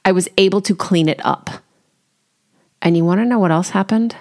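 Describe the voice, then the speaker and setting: Gravelly-voiced woman podcast host, chatty. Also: fairly low pitch, moderate pace, a little mellow. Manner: chatty and candid, wry, self-deprecating. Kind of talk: casual solo podcast talk.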